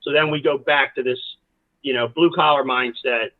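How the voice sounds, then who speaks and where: A medium-pitched man speaking at normal speed rambles animatedly through long stories, stopping for asides. He's a college soccer coach interviewed on a podcast, heard through a dry, tinny, phone-like recording.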